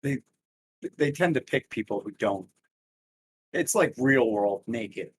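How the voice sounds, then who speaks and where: A man guesting on a podcast, dry and low-key in casual chat, a bit away from his mic. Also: expressive, takes it slowly, slight background noise, poor audio.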